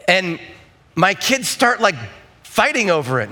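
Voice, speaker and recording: A male pastor preaching a sermon in a conversational, storytelling way, self-deprecating and animated when he quotes himself. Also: high-pitched, measured pace, long pauses.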